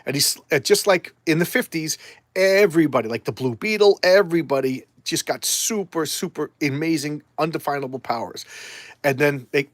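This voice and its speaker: Man, enthusiastic comics talk, rambling, slightly high voice, dry close sound. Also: moderate pace, dry recording. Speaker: comics vlogger. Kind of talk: casual chat.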